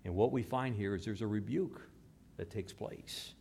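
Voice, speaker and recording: A man preaching a sermon, moving between hushed, slow passages and raised, emphatic ones. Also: lowish voice, gravelly, slight background noise. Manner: dramatic shifts between hushed and raised delivery. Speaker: pastor.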